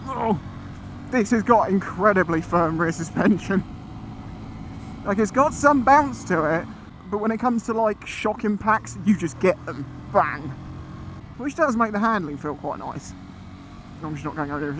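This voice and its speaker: A man talking casually as he rides a motorcycle, chatty and excitable, often exclaiming. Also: sits high. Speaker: motorcycle vlogger. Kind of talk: casual ride commentary. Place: outdoors on a moving motorcycle. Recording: loud wind and engine noise.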